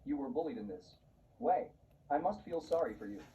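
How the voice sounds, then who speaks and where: A man reading the lines of a timid father-in-law who gloats in secret, in a flat, even voice. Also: mid-range voice, brisk, lightly acted. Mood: sly. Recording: muffled, distant, faint hiss.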